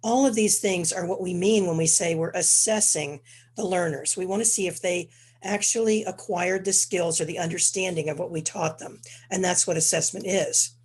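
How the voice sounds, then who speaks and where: A congested woman presenting an educational webinar in a measured, explanatory way. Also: fairly low pitch, a little mellow, husky. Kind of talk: educational lecture.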